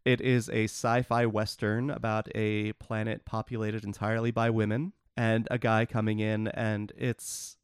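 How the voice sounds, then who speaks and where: A man's voice: on the low side, flat delivery, a little slow, few pauses, clean tone, no echo, clean studio sound. A man co-hosting a podcast, casually and wryly explaining the plots of obscure films. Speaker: podcast co-host. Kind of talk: casual movie discussion.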